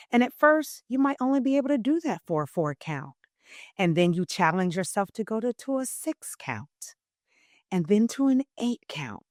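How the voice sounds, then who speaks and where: A woman voice coach explaining in an interview, teacherly and emphatic, swinging between loud and soft phrasing. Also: fairly low pitch, no echo, clean studio sound.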